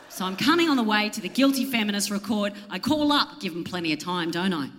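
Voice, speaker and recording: A woman's voice: mid-range voice, animated, fast talker, few pauses, fairly bright tone. An Australian woman in her thirties telling an exasperated, self-mocking story as live stand-up on a theatre stage. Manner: exasperated, self-mocking, swears, acts out other people. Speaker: comedian co-hosting a live podcast. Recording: reverberant live theatre recording.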